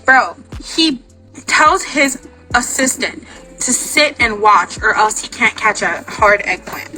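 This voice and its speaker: Woman spilling a crazy storytime, crude slang, bright voice kinda high, music under it. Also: lively intonation, takes it slowly, low-quality recording. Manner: acts out voices in her story. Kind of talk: storytime clip.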